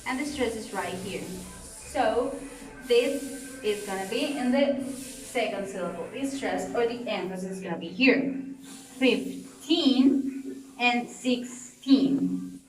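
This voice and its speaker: A young woman with a Colombian Spanish accent, slowly explaining stress rules in a class presentation. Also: medium pitch. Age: young adult. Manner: slow, careful, repeats key points. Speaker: student presenter. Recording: echoey room, voice from far off.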